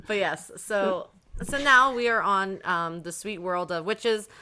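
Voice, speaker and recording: A woman hosting a podcast, retelling a story in a lively, rambling casual chat with many fillers. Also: medium pitch, measured pace, clear, resonant tone. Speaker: podcast host.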